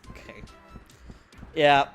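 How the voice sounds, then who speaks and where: A streamer chatting casually while playing a video game, rambling and laughing often. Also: drawn-out words. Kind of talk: casual live-stream chat. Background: faint in-game music.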